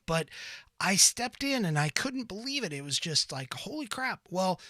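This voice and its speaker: A middle-aged American man hosting a call-in podcast, chatting casually with quick asides and frequent restarts. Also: high voice, sharp tone, no room sound. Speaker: podcast host.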